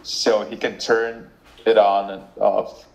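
A man from Russia speaks with a plain Russian accent. He talks slowly and carefully, stopping often to hunt for the right word. His voice sits fairly low. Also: flat delivery, creaky, darkish tone, poor audio. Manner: slow, hesitant, searching for words. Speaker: language learner. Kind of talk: casual chat.

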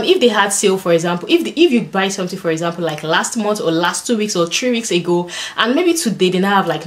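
A woman with a Nigerian accent, chatting casually to camera as a lifestyle vlogger and explaining things with examples. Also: lowish voice.

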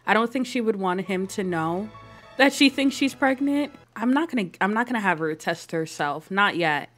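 A woman's voice: mid-range voice, expressive, moderate pace, fairly bright tone, soft background music. Giggly woman narrating her game. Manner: chatty, giggly, voices her characters playfully. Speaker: gaming YouTuber. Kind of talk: casual Let's Play commentary.

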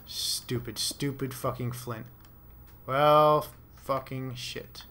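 Bright-voiced young man swearing through gameplay. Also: medium pitch, steady tone, takes it slowly. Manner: profane, rambling, talking to himself. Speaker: gamer. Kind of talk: casual let's play commentary.

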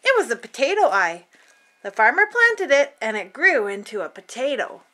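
A woman reading a picture book aloud to children in an expressive, playful storytelling manner. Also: high-pitched, normal speed.

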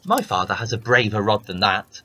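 Man voicing a plain, earnest prince in a read-aloud; low voice, little change. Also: big pitch swings, moderate pace, bright, forceful tone, heavily acted. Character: young prince, earnest and bold.

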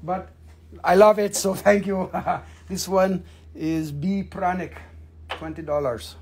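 A man's voice: high-pitched, steady tone, takes it slowly, a little mellow, slightly rough. A man hosting a live mineral sale, chatting casually with viewers, joking and teasing as he shows each piece. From Appalachian region of the United States. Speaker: host selling minerals on a livestream. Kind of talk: casual live sales chat.

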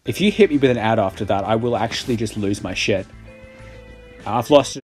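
A man's voice: lowish voice, fairly quick, music in the background. A young man giving casual gameplay commentary, sarcastic and exasperated and swearing a lot at the game. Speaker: gaming YouTuber.

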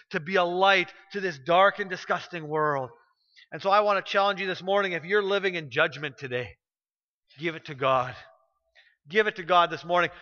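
A middle-aged male pastor delivers a storytelling sermon, pushing his points through emphatic repetition. His voice sits high and sounds bright and forceful. The recording is dull and carries a long church-hall reverb. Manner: storytelling, emphatic, repeats phrases when pressing a point. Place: church sanctuary.

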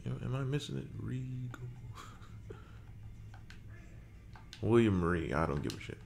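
A gaming creator with a mid-range, gravelly, darkish voice narrates casually as he builds a wrestler in a video game. He's very animated yet keeps a measured pace, muttering to himself while he works and swearing mildly now and then.

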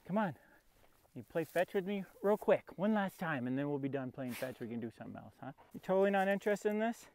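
There's a little hiss or hum behind this man's slightly high voice. He's training his puppy in a field, coaxing the dog and explaining each step in a casual vlog while narrating between commands.

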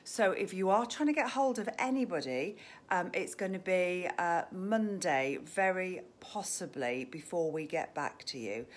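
A woman hosting a live-streamed shop tour. She is chatty and gushing, sometimes dropping to a hushed near-whisper, and speaks into a handheld phone in an indoor shop. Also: on the low side, animated, a little slow. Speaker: shop host. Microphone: phone camera held in hand.

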